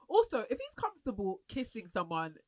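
A woman's voice: medium pitch, wildly swooping pitch, fairly quick, dry recording. A woman co-hosting a podcast, speaking frankly and giving straight advice in casual chat. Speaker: podcast co-host.

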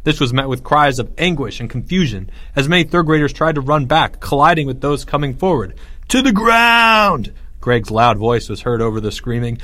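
Guy reading a kids story out loud, middle pitch, dry close mic. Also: dry recording. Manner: lively, raises voice for shouted lines. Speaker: narrator.

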